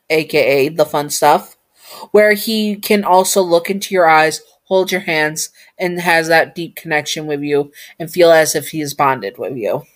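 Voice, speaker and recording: A woman reads a fan story aloud in a casual, playful way, breaking off to chat and talk to herself. Her voice sits fairly low for a woman. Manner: chatty, giggly, talks to herself.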